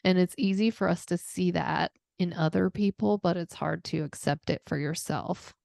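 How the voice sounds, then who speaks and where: A woman's voice: lowish voice, normal speed, gravelly, a little mellow, dry recording. A woman hosting a wellness podcast, talking in an earnest, reflective way and moved by what she says. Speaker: podcast host. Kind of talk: heartfelt conversational interview.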